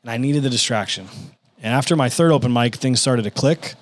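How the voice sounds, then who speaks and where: There's no room sound as this man, a comedian and podcast guest, tells casual stories at a brisk clip in a mid-range voice. He acts out quotes with gusto and plenty of swearing.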